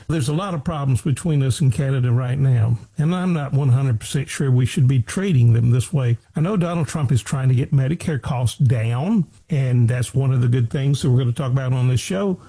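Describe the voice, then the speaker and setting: A man's voice: mid-range voice, warm tone, husky, rough recording. A man hosting a talk radio show, giving sarcastic opinionated commentary and acting out both sides of imagined conversations.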